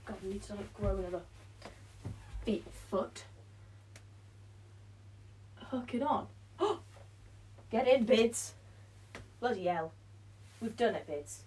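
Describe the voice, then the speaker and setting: A woman's voice: medium pitch, expressive, takes it slowly, pauses often, a little mellow, a little hiss or hum. A young British woman with a slight cold, chatting to herself and her pets at home as she works on a task, often dropping into whispers. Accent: British English. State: slight cold, a bit out of breath. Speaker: vlogger. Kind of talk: casual solo vlog while building a blanket fort. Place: at home indoors.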